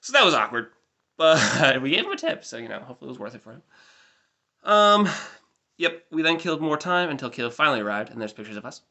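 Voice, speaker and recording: A young American man in his twenties rattles through a casual diary-style update at a quick clip. His voice is bright and forward, and he wanders off into chatty, self-mocking asides. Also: on the high side, sing-song. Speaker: vlogger.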